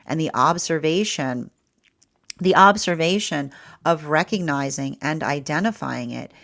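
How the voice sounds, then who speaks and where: A woman's voice: deep voice, measured pace, fairly bright tone. A woman giving a spoken tarot reading, rambling, with frequent repeated words and fillers. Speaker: tarot reader.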